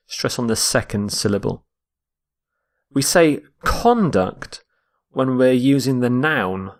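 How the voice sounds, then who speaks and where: A man teaching English vocabulary, explaining words slowly and modelling their pronunciation and stress. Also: medium pitch. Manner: slow and deliberate, models pronunciation. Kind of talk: vocabulary lesson.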